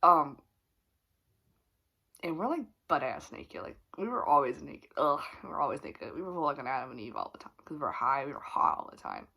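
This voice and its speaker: A woman's voice: extremely low pitch, very animated, moderate pace, creaky, sharp tone. A young woman vlogger telling a candid, rambling story with lots of fillers and laughter. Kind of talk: storytime confession.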